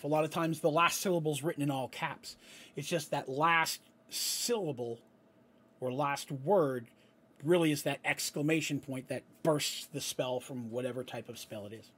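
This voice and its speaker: A man's voice: a little high, fairly bright tone, husky. A man acting as game master, narrating a tabletop fantasy battle with explanatory asides and frequent checks of "right?".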